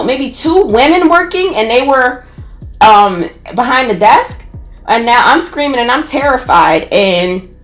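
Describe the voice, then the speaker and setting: A woman with a Philadelphia accent tells a story casually, with lots of animation and swearing. Her voice sits a little high. The recording has a roomy echo around it. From North Philadelphia. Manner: animated, profane, laughs while telling. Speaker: podcast storyteller.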